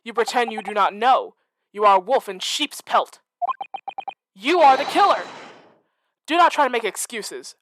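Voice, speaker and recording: A woman putting on a mock-Russian gruff officer. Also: on the high side, animated, moderate pace, pauses often, a bit bright, no room sound. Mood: accusing. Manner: clumsy, overdone, menacing.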